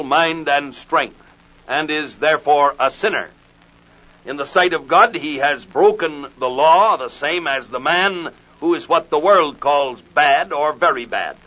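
A man delivers a measured expository sermon, reading old-fashioned scripture with care. His voice sits a bit high and comes across bright and forceful. The recording is dull and lo-fi. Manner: measured, deliberate, reads scripture in King James wording. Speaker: preacher.

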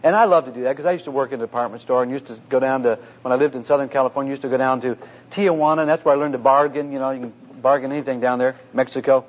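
Speaking rapid-fire at a medium pitch, a male pastor earnestly works through an anecdote about his marriage, retelling it with animation. The audio is dull lo-fi.

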